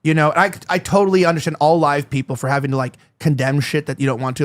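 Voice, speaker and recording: A man chats loosely as the host of a talk show. He rambles along in a somewhat high voice, filling his sentences with "like" and "uh". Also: fairly even intonation, quick pace. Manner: rambling, heavy filler words. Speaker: podcast host. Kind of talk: casual chat.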